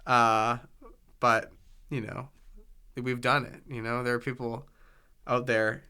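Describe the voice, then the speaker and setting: A man with a crisp, resonant voice, chatting casually as a host. He rambles with enthusiasm, and his tone is bright and a little forceful. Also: medium pitch, level tone, takes it slowly. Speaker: podcast host. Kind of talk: casual conversation.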